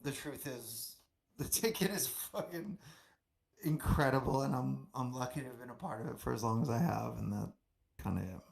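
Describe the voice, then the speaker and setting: A man's voice: mid-range voice, normal speed, gravelly. Rambling, swearing man on a stream. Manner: rambling, emotional, heavy swearing. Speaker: guest. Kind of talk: casual stream chat. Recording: live stream chat.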